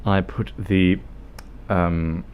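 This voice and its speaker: Aussie guy streaming a game, talks real slow, cracking jokes n swearing. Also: sits low, steady tone, narrow, tinny audio, a little hiss or hum. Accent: Australian. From Australia. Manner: rambling and joking, swears freely. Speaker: livestreamer. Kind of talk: casual gameplay commentary. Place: home streaming setup.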